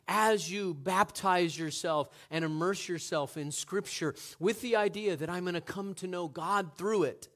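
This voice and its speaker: A man preaching a sermon in an earnest manner, moving from hushed passages to loud, emphatic ones. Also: on the high side. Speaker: pastor.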